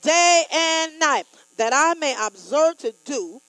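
A woman preaching a sermon, leading the congregation in call-and-response and rising to loud, emphatic declarations. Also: high voice, expressive, takes it slowly, no echo, low-quality recording.

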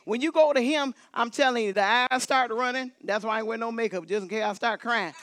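Woman preacher, exuberant sermon, repeats calls to the congregation, bright tone. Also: on the high side, a little fast, no room sound. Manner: emphatic, repetitive exhortations. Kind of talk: lively sermon with holy laughter. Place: church sanctuary.

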